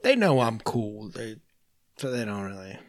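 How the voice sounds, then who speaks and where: A man's voice: fairly low pitch, unhurried. A man co-hosting a podcast, bantering and cracking jokes in casual chat. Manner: joking, animated. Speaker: podcast co-host.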